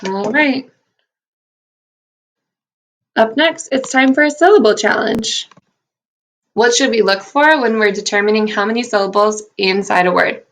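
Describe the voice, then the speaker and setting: In a recorded phonics lesson, a female first grade teacher sounds out letters and syllables slowly and clearly. She is upbeat and encouraging, with a slightly high voice and a fairly bright tone.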